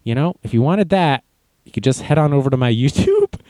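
A man's voice: medium pitch, expressive, fairly quick, dark tone, dry recording. A man hosting a casual livestream, reading chat messages and news aloud with sarcastic, mocking asides. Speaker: livestream host.

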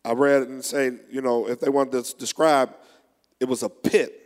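A male preacher delivering a sermon, reading scripture slowly and preaching with rising fervor. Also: medium pitch, steady tone. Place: church. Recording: long echo of a large hall.

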